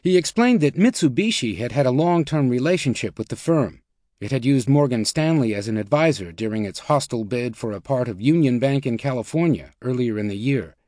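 A man reading nonfiction narration as an audiobook narrator, in a measured, even way. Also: medium pitch, no echo, studio quality.

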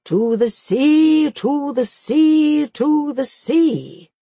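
A woman doing a whimsical male officer's slow chant. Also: high-pitched, dark tone, dry recording, pitched above the performer's own voice, heavily acted. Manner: slow sing-song chant.

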